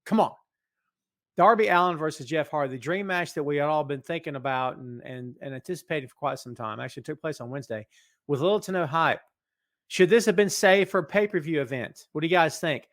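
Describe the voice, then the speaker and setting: A middle-aged man hosting a live wrestling podcast from his office, reading out chat comments in an animated, hyped way. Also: on the high side, brisk. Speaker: podcast host. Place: home office.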